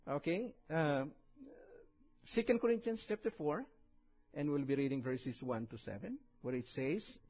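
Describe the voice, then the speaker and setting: A man with a strong Indonesian accent preaching in a church, chatting and joking before he reads scripture slowly. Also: fairly high pitch, expressive, a little mellow, low-quality recording. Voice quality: husky, heavily accented English. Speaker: visiting preacher. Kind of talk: sermon.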